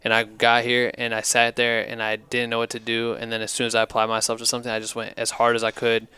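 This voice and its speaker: A man hosting a podcast in relaxed, slangy casual chat. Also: medium pitch, quick pace, clear, resonant tone, no room sound. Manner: relaxed, slangy, backchannels a lot. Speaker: podcast host.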